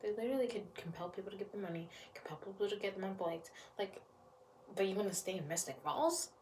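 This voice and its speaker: A woman's voice: medium pitch, expressive, quick pace, darkish tone, slight background noise. A woman chatting casually as a vlogger reviewing a TV series, rambling and repeating phrases for emphasis. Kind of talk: casual chat.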